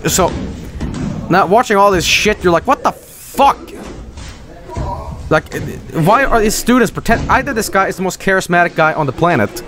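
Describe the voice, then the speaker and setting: Animated high-voiced male streamer. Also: fairly quick, over music. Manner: excitable, profane, animated storytelling. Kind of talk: live stream reaction commentary.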